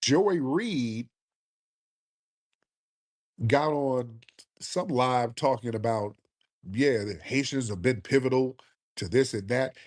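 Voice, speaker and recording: A man's voice: medium pitch, takes it slowly, pauses often. A man giving indignant online commentary, firing rhetorical questions at viewers.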